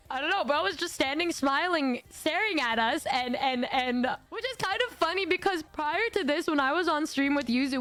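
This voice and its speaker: A woman streamer telling a story in a casual, giggly, excitable way. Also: high voice. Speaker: VTuber streamer.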